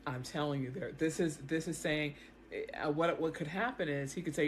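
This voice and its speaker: A woman in a self-recorded video, commenting on the news in a casual, animated way, often repeating herself as she talks straight to her viewers. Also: sits low, moderate pace. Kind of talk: casual explanatory commentary to camera. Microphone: self-recorded camera setup.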